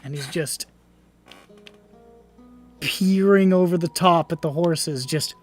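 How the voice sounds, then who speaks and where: A woman game master narrating a tabletop game in a casual, profane way, full of laughs and quick asides. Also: lowish voice, soft background music.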